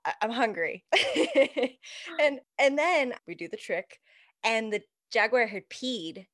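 Woman host, slightly high voice, lots of "oh my gosh" reactions, swapping stories casually. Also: sing-song, slow pace, a bit bright. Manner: reacts with exclamations, shares her own stories. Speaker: podcast host. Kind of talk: casual interview chat.

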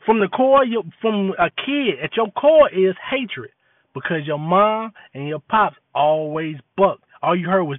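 A man's voice: high voice, animated, measured pace, dry recording. A man giving an impassioned, preachy monologue in street slang, repeating his points. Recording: tinny phone-like dry audio.

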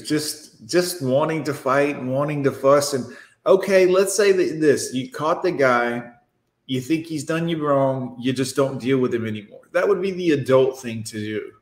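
A man's voice: mid-range voice, animated, moderate pace, roomy sound. A man commenting on a clip in a blunt, dismissive, lecturing way. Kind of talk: reaction commentary.

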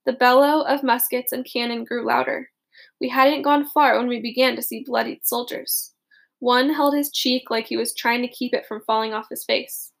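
A woman reading a first-person story aloud in a steady, plain manner. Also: on the high side, normal speed, creaky. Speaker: audiobook narrator.

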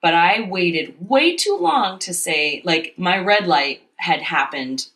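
A woman with a somewhat low voice tells a personal story in candid casual chat. She speaks openly and confessionally, reliving moments with animated energy. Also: takes it slowly. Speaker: podcast co-host.

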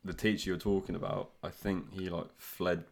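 A young man with a low, gravelly voice that crackles with fry. He chats in an easygoing way as a podcast guest, reacting with quick swears and laughs. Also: level tone. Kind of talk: casual chat.

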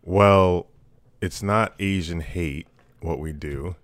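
A man's voice: low-pitched, slow, dry recording. A man co-hosting a podcast in casual chat, swearing freely and laughing as he rambles. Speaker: podcast co-host.

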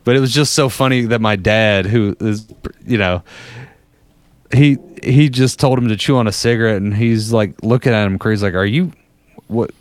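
A man's voice: on the low side, moderate pace, clean tone, no echo. A man in his thirties or forties casually telling rambling, profane stories and laughing at them as he goes. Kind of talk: casual storytelling chat.

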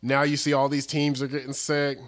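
A man's voice: mid-range voice, monotone, brisk. A young man co-hosting a casual chat podcast, rambling and joking, often restarting his sentences. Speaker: podcast co-host.

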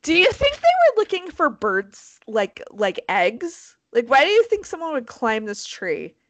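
A woman co-hosting a casual chat, telling a story in an animated, profane, self-mocking way. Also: sits high, a little slow, no echo, low-quality recording. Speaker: podcast co-host.

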